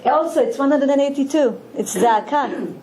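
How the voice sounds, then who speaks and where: High-voiced woman teaching Torah. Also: mellow, low-quality recording. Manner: slow, earnest explaining with restarts and repetitions. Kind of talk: religious lesson with storytelling.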